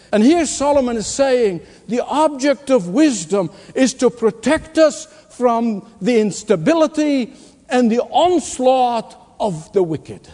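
A pastor preaching a sermon with emphatic delivery, repeating his key lines and swinging between loud declarations and hushed asides. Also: sits high. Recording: long hall reverb.

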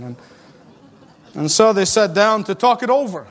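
A man preaches a sermon with emphatic repetition and frequent light laughs. His voice sits high for a man. The long reverb of a large hall trails every phrase. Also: animated, moderate pace, long pauses.

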